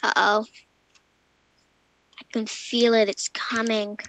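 A woman chatting casually while playing a game, excitable, squealing and giggly. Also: a little high, slow pace, no echo. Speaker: gamer. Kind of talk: casual gameplay chat.

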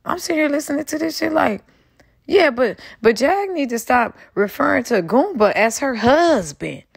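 A fired-up woman hosting a commentary channel rants straight at her viewers, angry and profane. Her high, gravelly voice has a sing-song lilt at a moderate pace, captured in clean studio sound with no echo.

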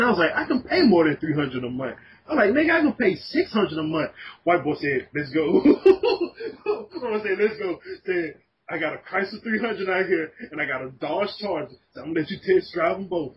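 A high, lively male voice spins a rambling, profane story in a relaxed podcast chat. The audio sounds dull and lo-fi, with a faint hiss underneath. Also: normal speed. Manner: animated, laughing, profane storytelling. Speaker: podcast guest.

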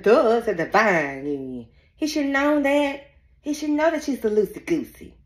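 A woman running a casual spiritual reading chats straight to her audience, breaking into laughter often and swearing freely. Her pitch swings widely as she talks. The voice rings in an echoey room. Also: very animated, moderate pace. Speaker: psychic reader.

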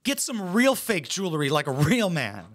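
A man's voice: fairly high pitch, very animated, moderate pace, fairly bright tone. A man hosting a reaction video, giving blunt, mocking commentary full of swearing. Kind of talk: profane sarcastic commentary.

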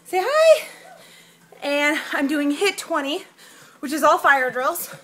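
A woman's voice: high voice, unhurried, pushed and bright. A woman chatting in a casual home workout vlog, upbeat and out of breath after exercise. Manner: chatty and upbeat, talking to her toddler. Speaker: vlogger. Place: home, by a high chair.

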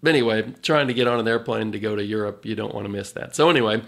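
A man, a financial advisor on a podcast, chatting in a relaxed way with chuckles and then explaining retirement planning. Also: lowish voice, fast, creaky. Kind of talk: casual podcast chat.

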